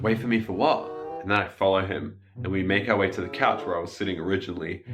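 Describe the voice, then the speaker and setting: A young man telling a funny personal story in casual chat, animated and jumping into high squeaky voices when he quotes people.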